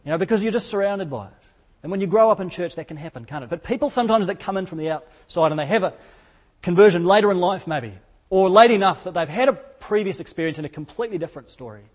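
A man preaching a sermon, conversational, full of rhetorical questions and quick self-corrections. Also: high-pitched, expressive. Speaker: pastor.

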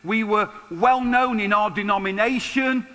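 A man in his sixties preaching in a large hall, his high, bright voice trailing a long reverb. He keeps the sermon conversational and lively, with touches of humor. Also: a little slow. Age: 60s. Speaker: pastor.

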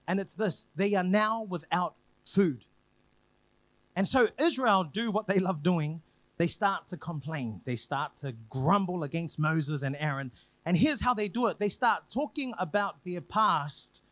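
A man preaching a sermon, retelling a scripture story with lively acted quotes and repeated phrases. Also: high voice, no room sound.

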